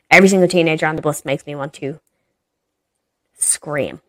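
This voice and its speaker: Ranting low-voiced Irish woman. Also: moderate pace, no room sound. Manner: exasperated, sweary ranting. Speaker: podcast co-host. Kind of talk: casual chat.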